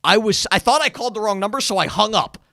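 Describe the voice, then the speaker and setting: A young man co-hosting a podcast, telling stories in a casual, animated chat. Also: sits high, fast, gravelly, dry recording, clean studio sound. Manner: animated storytelling, frequent "like". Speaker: podcast co-host.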